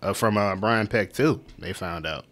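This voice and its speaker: A man's voice: fairly low pitch, fairly bright tone. Laid-back young man joking on a podcast. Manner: loose, joking, laughs often, reads aloud haltingly. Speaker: podcast co-host. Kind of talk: casual podcast chat.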